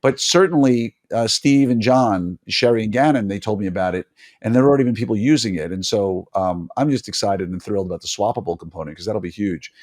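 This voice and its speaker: A man's voice: lowish voice, fast, a little mellow. A middle-aged man hosting a casual interview podcast as an orthodontist, talking emphatically with frequent fillers and restarts.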